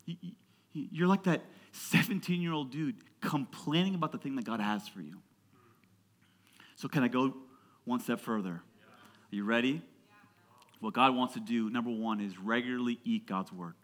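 A man in his thirties preaching a sermon to his church, emphatic and building to loud passionate peaks, calling on the congregation to answer back. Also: medium pitch, normal speed, pauses often. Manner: call-and-response with the congregation. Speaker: pastor.

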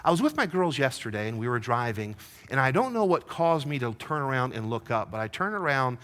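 A middle-aged man preaching a sermon, telling a personal story, moving from hushed confession to rising fervor. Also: medium pitch, big pitch swings, fairly quick. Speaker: pastor.

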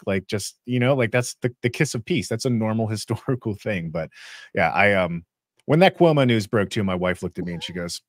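A man co-hosting a podcast, chatting eagerly and restarting his sentences as he gets excited. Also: on the low side, brisk, dry recording, studio quality. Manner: enthusiastic, many restarts and fillers. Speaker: podcast co-host. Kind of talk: casual chat.

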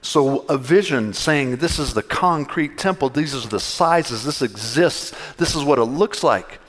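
A man's voice: medium pitch, lively intonation, measured pace, fairly bright tone. A male pastor giving a conversational sermon, acting out little dialogues with God.

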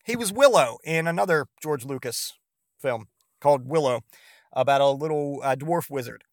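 A man's voice: medium pitch, normal speed, no room sound, studio quality. A man hosting a podcast, rambling through a casual monologue and swearing freely as he retells scenes. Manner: profane, rambling, animated retelling. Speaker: podcast host.

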